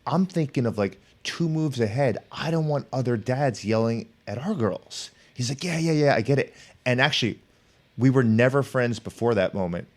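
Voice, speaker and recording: Middle-aged male guest, animated storyteller, average pitch, mimics the people he quotes. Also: moderate pace. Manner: animated, acts out quoted people in his stories. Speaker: author and professor, podcast guest. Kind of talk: storytelling in conversation.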